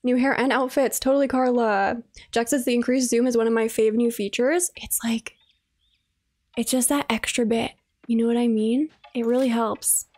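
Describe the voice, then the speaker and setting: A woman's voice: on the high side, steady tone, moderate pace, darkish tone. A young woman streaming a game live, gushing and greeting her viewers one by one.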